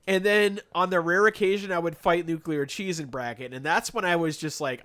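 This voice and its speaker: A male streamer chats casually while playing, his stories animated and sarcastic. His voice is bright and forward, pitched a little high. Laughter often breaks into his talk. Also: a little fast, hardly any pauses.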